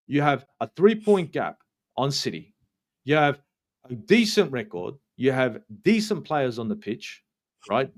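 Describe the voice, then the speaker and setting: A man with an Australian accent hosting a heated football fan review, ranting, swearing often and repeating himself for emphasis. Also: medium pitch. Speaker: football channel host.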